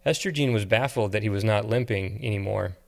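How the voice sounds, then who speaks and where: A man narrating an audiobook novel in a measured, steady way. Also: lowish voice, gravelly. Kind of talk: scripted narration.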